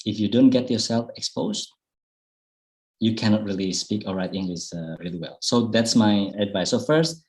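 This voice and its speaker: A man's voice: on the low side, moderate pace, darkish tone, low-quality recording. A middle-aged Indonesian man with an Indonesian accent, giving an online public speaking talk in a chatty way with fillers and restarts. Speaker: guest speaker. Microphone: video call.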